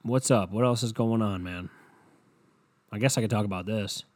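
A man's voice: fairly low pitch, moderate pace, a little mellow, no room sound, clean studio sound. A young man hosting a solo podcast, rambling in a profane, sarcastic, offhand way. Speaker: podcast host. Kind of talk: casual solo podcast rant.

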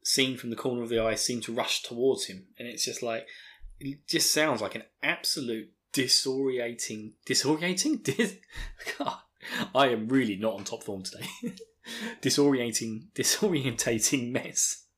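A man's voice: mid-range voice, moderate pace, fairly bright tone. A man with an Essex accent, hosting a podcast in casual, rambling chat with lots of fillers. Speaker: podcast host.

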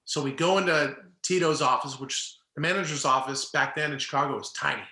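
A man's voice: on the high side, brisk, echoey room. A middle-aged man, a former ballplayer, telling a story in casual chat and acting out the people in it. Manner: animated, acts out quoted people. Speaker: former baseball player, guest.

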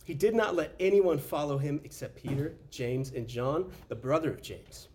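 A man's voice: a little high, moderate pace, darkish tone, a little hiss or hum. A man preaching a casual, conversational sermon as a pastor, often saying "man" and restarting his sentences. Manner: conversational, says "man" a lot, with frequent restarts.

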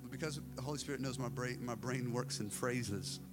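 Pastor telling a candid personal story. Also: male voice, medium pitch, a little fast, loud music behind the voice. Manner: candid storytelling with self-deprecating humor. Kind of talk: sermon. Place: church service before a live congregation.

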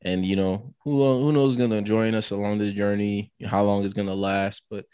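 A man co-hosting a podcast in casual chat, hoarse from illness, agreeable and easygoing. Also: lowish voice, fairly even intonation, normal speed, a little mellow, dry recording. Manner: agreeable, frequent backchannel "right". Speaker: podcast co-host.

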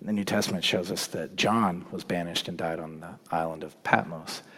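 A man preaching a sermon as pastor. His delivery is dynamic, swinging from hushed to emphatic. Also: deep voice, steady tone, moderate pace, breathy edge. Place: church sanctuary. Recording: long reverb of a large church hall.

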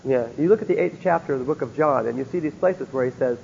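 A Bible teacher, a man with a gravelly, rather high and slightly mellow voice, gives a lecture, often stopping to check in with rhetorical questions. The recording is dull and lo-fi, carrying a long hall reverb and a faint hum of ambience.

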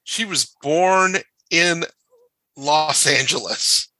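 A man's voice: on the high side, drawn-out words, pushed and bright, no room sound. A man hosting a casual chat in a playful, jokey way. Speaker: podcast host and moderator.

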